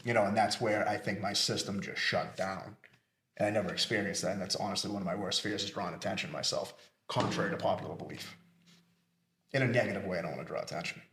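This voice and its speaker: A man's voice: low-pitched, fast, fairly bright tone, a little hiss or hum. A middle-aged man telling a personal story in a candid, emphatic way, acting out what he said. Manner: candid, emphatic, with acted-out quotes. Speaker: podcast co-host. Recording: echoey room.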